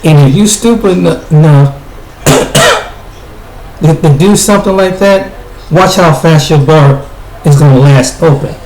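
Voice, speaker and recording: An American video commentator gives blunt, repetitive remarks, stumbling and restarting often. His voice is on the high side, a little slow, with long pauses. The room is echoey with faint noise.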